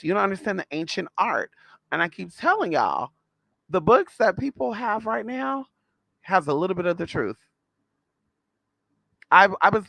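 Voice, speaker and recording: A man's voice: a little high, gravelly, pushed and bright, no echo. A man telling a story to his viewers in a sassy, blunt, casual way, calling them girl and honey. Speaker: spiritual vlogger.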